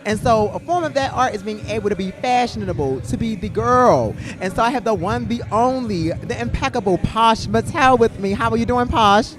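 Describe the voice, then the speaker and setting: A man's voice: extremely high pitch, normal speed, few pauses. A man hosting a livestreamed event, interviewing guests with flamboyant, theatrical introductions. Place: outdoor event with music. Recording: loud music behind outdoors.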